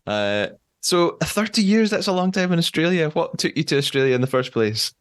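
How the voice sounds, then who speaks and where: A man's voice: a little high, lively intonation, brisk, clear, resonant tone, no echo, clean studio sound. Upbeat young male podcast host. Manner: upbeat, laughs often. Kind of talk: podcast hosting, scripted intro.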